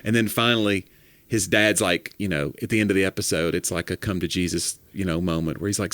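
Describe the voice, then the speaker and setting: Low-voiced man telling jokes. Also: fairly quick, hardly any pauses, no room sound. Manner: animated joke-telling, acting out voices in quotes. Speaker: podcast co-host. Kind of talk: casual comedic chat.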